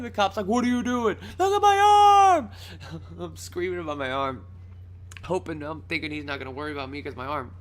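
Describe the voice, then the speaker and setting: A young man casually telling a wild personal story on his vlog, swearing freely, rambling, and acting out his own shouts. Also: medium pitch, slight background noise. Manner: loose and profane, acts out his own shouts.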